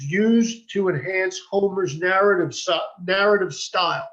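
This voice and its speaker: A man moderating a lecture's question session, speaking haltingly with many restarts and fillers. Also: sits high. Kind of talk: hosting a lecture Q&A. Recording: dull lo-fi audio.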